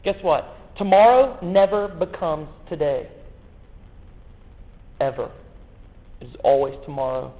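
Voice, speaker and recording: Man, sermon, folksy humor, rhetorical questions, long hall echo. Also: fairly high pitch. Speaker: preacher. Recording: echoey hall, tinny phone-like sound.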